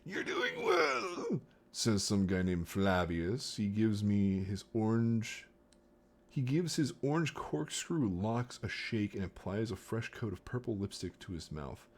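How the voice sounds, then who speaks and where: A man streamer reading a book aloud, slow and deliberate, with joking asides. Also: fairly low pitch, darkish tone. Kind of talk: casual storybook reading on stream.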